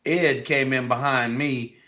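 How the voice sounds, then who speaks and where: A man's voice: mid-range voice, steady tone, takes it slowly, pushed and bright. A man hosting his own podcast, telling rambling stories in a candid, profane, casual way. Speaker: podcast host; working musician. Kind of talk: casual monologue.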